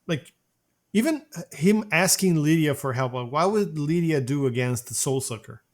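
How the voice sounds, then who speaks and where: Guy on a movie podcast, bit high voice, jumps all over in pitch, keeps restarting. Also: moderate pace. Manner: animated, trailing restarts. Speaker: podcast co-host. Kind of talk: casual film review chat.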